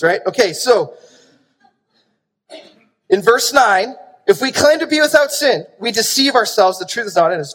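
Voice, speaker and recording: A man preaching a sermon as pastor, animated and emphatic, pressing points with rhetorical questions. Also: very high voice. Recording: long reverb of a large hall.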